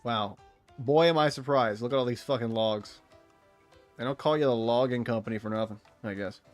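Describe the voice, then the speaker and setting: A man streaming a game, swearing freely, joking, and reading in-game text aloud in an excitable way. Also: mid-range voice, moderate pace, faint music behind. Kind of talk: gameplay commentary.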